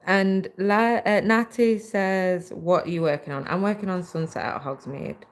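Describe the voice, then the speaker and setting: A woman's voice: low-pitched, a little hiss or hum. A British woman hosting a casual livestream, chatting away and reading viewer comments aloud while she stitches, into a laptop mic. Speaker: livestream host.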